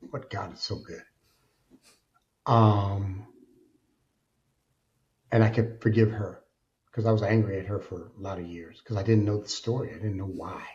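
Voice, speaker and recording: A middle-aged man who is a podcast guest, telling his personal story in an earnest, colloquial and animated way. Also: fairly low pitch, measured pace, pauses often. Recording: dull lo-fi sound.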